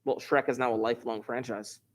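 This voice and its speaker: A male math teacher leads a live online algebra lesson. He explains each step plainly and mixes in jokes and banter with the class. His pitch sits at an ordinary middle height. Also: steady tone, a little fast. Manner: joking, chatty, talks back to students.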